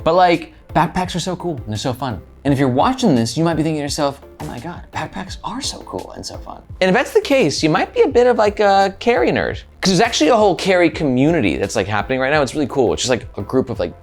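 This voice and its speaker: A man's voice: fairly high pitch, big pitch swings, fast talker, soft background music. A man hosting a casual backpack review vlog, upbeat and chatty with lots of "like" and "right?". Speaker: gear reviewer, channel host.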